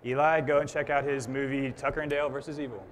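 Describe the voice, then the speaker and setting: A man's voice: medium pitch, little pitch movement, quick pace. Guy interviewer, mid voice, mostly short yeahs and rights. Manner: brief affirmations, friendly sign-off. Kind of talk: casual interview.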